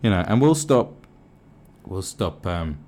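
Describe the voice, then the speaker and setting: A man's voice: deep voice, very animated, slow, darkish tone. A man giving a sarcastic, sweary commentary rant, repeating mock-polite questions over and over. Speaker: video commentator. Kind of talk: ranting commentary.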